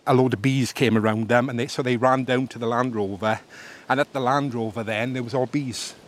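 A man's voice: mid-range voice, fairly even intonation, brisk, slight background noise. A man guiding a walk outdoors on a hill, telling local history in a plain, slightly hesitant way. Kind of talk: casual storytelling.

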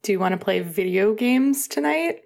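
A woman voicing a goofy young male hockey player, eager and playful with a gravelly edge. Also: medium pitch, lively intonation, moderate pace, a little mellow.

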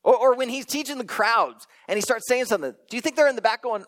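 Animated man preaching. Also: very high-pitched, moderate pace, hardly any pauses. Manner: animated storytelling, dropping to hushed near-whispers for emphasis. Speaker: pastor. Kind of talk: sermon.

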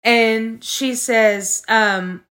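A woman's voice: fairly high pitch, steady tone, extremely slow, a bit bright. A woman telling a personal story earnestly on a casual podcast, talking straight to her listeners. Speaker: podcast co-host.

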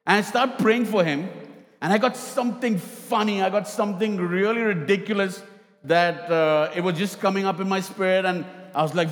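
A man's voice: high voice, moderate pace, in a large hall. A man preaching a sermon as a pastor, telling a story and acting out both sides of a conversation. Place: church hall.

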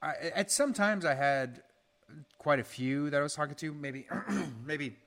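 A man's voice: on the high side, lively intonation, unhurried, fairly bright tone. A man co-hosting a casual chat about dating, joking often and repeating words as he starts his sentences. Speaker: co-host.

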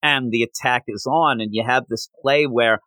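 A man's voice: mid-range voice, normal speed, no room sound, rough recording. A man co-hosting a podcast, casually discussing a comic book and acting out its lines as he retells it. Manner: animated retelling, acts out quoted lines. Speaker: podcast co-host.

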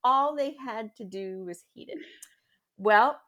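A woman's voice: a little high, slow pace, fairly bright tone. A middle-aged woman speaking as a guest in a casual interview, a chatty storyteller who often laughs. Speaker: guest parent.

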